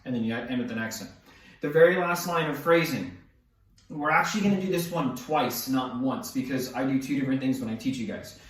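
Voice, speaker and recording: A man's voice: mid-range voice, brisk, a little hiss or hum. A male drum instructor talking casually through snare exercises. He counts beats aloud and often restarts himself or apologizes. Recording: very echoey room, mic at a distance.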